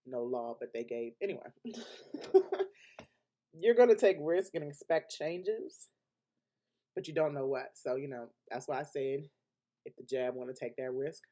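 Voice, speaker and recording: A man's voice: medium pitch, mellow. A man giving a weekly astrology forecast in a casual, unscripted monologue. He is emphatic, often laughs between points, and talks loosely with restarts. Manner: loose colloquial speech with restarts.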